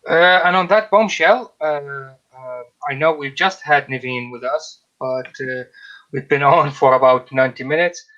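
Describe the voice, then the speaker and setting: A man's voice: medium pitch, steady tone, measured pace, bright, forceful tone, highs cut off. A man hosting a live online broadcast, friendly and joking. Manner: jokey, friendly. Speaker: host.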